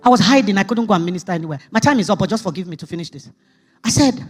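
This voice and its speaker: A woman preaching a sermon testimony, emphatic, jumping from loud outbursts to hushed asides. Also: medium pitch, animated, very fast, husky, faint music behind.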